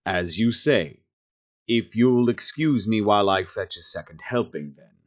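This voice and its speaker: A man voicing a polite, soft-spoken male alien who talks in a conciliatory, apologetic way with a deep rumbling voice. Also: animated, unhurried, dull audio. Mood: courteous.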